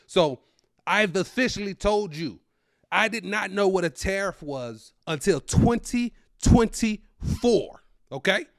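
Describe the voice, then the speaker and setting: A man in his thirties, a comedian hosting his own show, ranting loudly to camera at home into his own microphone. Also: high voice, slow, no echo, clean studio sound. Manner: animated, loud and ranting. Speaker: comedian host.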